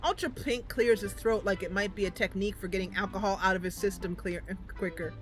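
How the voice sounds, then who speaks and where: A woman hosting a gaming channel, reading a story game aloud with giggly, expressive commentary. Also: medium pitch, a little fast, soft background music.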